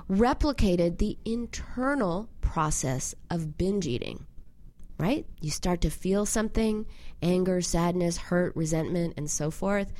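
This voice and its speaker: A woman hosts an advice show in a mid-range voice. She talks in an animated way, slowing down to stress her key points, and breaks into brighter, higher tones when she quotes people. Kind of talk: advice talk on emotional eating.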